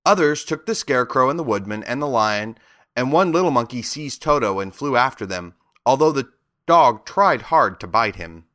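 A man reading a children's storybook aloud, expressive and animated. His tone is bright, and his pitch moves a lot through each sentence. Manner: expressive narration. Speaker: reader.

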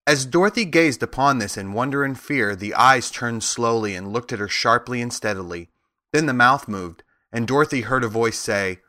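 Man, audiobook narrator, bright clear tone, steady measured storytelling. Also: medium pitch.

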